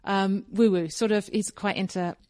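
Woman, podcast guest, chatty and quick to laugh; dry, close mic. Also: mid-range voice, fairly even intonation, dark tone, no room sound. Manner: chatty, laughs often, many fillers. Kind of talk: casual podcast interview.

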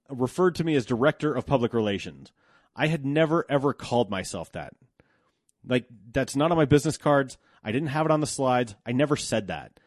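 A man's voice: medium pitch, no echo, studio quality. A man in his thirties telling a candid personal story about work, blunt and profane, growing heated when indignant.

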